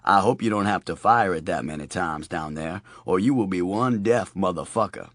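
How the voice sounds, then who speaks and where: Cast: a man playing a deep-voiced, unhurried streetwise tough guy, dry close recording. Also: a bit bright, no echo. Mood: cool.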